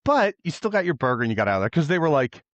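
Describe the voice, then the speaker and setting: A man co-hosting a casual podcast, expressive and quick to laugh, acting out what others said. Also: fairly high pitch, no echo, lo-fi sound. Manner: expressive, laughs often, acts out quotes. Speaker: podcast co-host.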